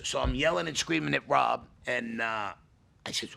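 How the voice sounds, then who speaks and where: A man's voice: mid-range voice, normal speed, gravelly, sharp tone. A middle-aged man, a father co-hosting a podcast, telling rambling, profane stories in casual chat.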